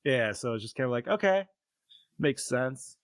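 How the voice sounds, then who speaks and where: Animated, profane young man hosting. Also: medium pitch, normal speed, no room sound. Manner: laid-back, profane, animated. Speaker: podcast host. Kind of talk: casual chat.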